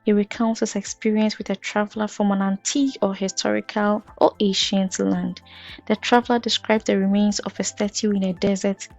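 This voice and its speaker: A woman teaching a poetry lesson for exam students, explaining step by step in a measured way with occasional fillers. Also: mid-range voice, flat delivery, creaky, a little mellow. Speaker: literature teacher. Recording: dull lo-fi audio with faint music.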